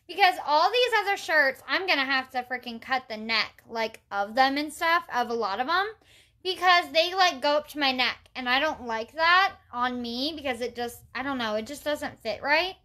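A young woman with a high, expressive, bright voice talks a little slowly and pauses often, her tone forceful. She's a makeup vlogger on a livestream, doing her makeup while chatting casually, telling stories with chatty exasperation, and reading and greeting her viewers in chat.

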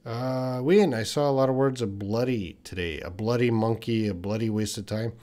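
A man in his forties teaches English on a live stream in a mid-pitched voice. He drills short phrases over and over for pronunciation. Between drills he stays relaxed and thinks aloud with easy fillers as he reads viewers' comments. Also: normal speed, hardly any pauses. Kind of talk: live-streamed lesson answering chat comments.

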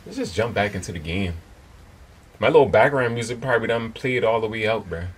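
A young man hosting a gaming channel who recaps the story in rambling, excitable, profanity-laced slang. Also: on the low side, brisk, breathy edge. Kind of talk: let's-play commentary. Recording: game music in background.

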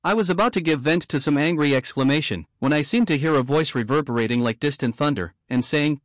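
A man reading a devotional story aloud in measured, earnest first person. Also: a little high, dry recording, clean studio sound. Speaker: audiobook reader.

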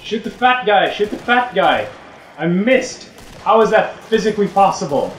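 A man chatting and shouting excitable callouts while playing a co-op game with friends. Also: sits high, normal speed, roomy sound, distant mic, slight background noise, poor audio. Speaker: gamer. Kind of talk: casual co-op game chat.

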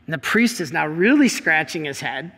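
A man's voice: on the high side, moderate pace, long reverb tail. A male priest teaching about faith, telling stories with feeling and acting out the voices in them. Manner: animated storyteller, acts out quoted voices; emotional, worked up.

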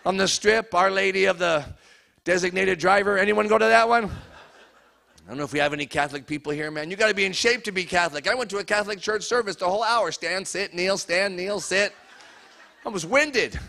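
Middle-aged comic guy working the crowd, high voice, raspy edge, riffing at a church gig. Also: a little fast, pushed and bright. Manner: crowd work, teasing the audience. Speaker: stand-up comedian. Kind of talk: stand-up comedy routine. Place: church hall before a live audience.

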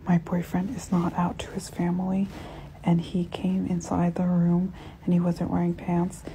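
A woman telling a short, awkward story about her boyfriend, deadpan. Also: on the low side, moderate pace, a little hiss or hum, low-quality recording. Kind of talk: casual storytime.

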